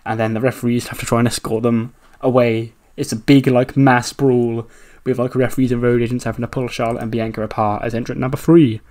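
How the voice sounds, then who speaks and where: A man's voice: medium pitch, flat delivery, a little fast, a little mellow. A man casually narrating a wrestling simulation playthrough, chatty and loose, laughing and swearing as he goes.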